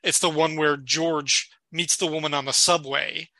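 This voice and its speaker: A man's voice: a little high, steady tone, moderate pace, pushed and bright, no echo. A man co-hosting a podcast, chatting casually about a sitcom episode, laughing often and retelling scenes with quoted lines. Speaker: podcast co-host.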